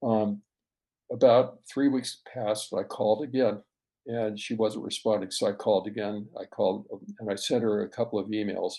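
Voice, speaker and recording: A man's voice: fairly low pitch, level tone, normal speed, dark tone. A middle-aged man from the US West Coast, a photographer guest telling work stories in a casual interview, with frequent restarts and fillers.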